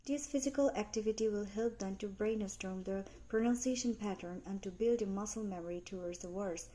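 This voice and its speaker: A young adult woman reading out a class presentation on teaching pronunciation, careful and measured, with small grammar slips. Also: mid-range voice, warm tone. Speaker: student presenter. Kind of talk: read academic class presentation.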